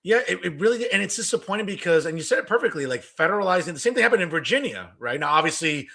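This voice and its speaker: Man, interview host, fast talker, gravelly, bright tone, animated. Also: high-pitched. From New Jersey. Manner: quick, animated, affirming with frequent yeahs. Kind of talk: political interview talk.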